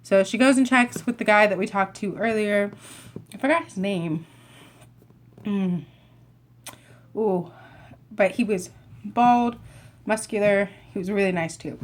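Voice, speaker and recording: A young woman chatting to camera, telling a rambling, animated story full of asides and self-corrections. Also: medium pitch, unhurried, pauses often. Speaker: vlogger.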